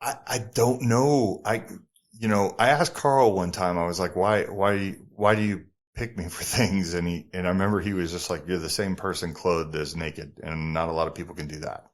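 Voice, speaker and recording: A middle-aged man with a New Jersey accent tells a story from his past to a podcast host. His voice sits low, and he keeps the story moving with profanity and quick impressions of the people in it. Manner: animated, profane, acts out other people's lines. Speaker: podcast guest, former model. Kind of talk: casual storytelling interview.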